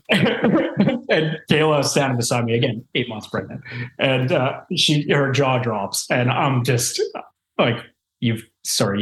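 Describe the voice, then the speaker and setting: A man's voice: mid-range voice, fairly bright tone. A man telling a story in a casual interview, rambling with many fillers and restarts. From Canada. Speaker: real estate investor guest. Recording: roomy echo.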